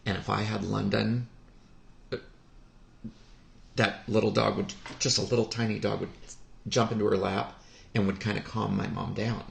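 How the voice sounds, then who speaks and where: A man telling a personal story on a podcast, speaking in a halting, heartfelt way with many pauses. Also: fairly low pitch, little pitch movement, vocal fry, slight background noise. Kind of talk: podcast conversation. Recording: roomy echo.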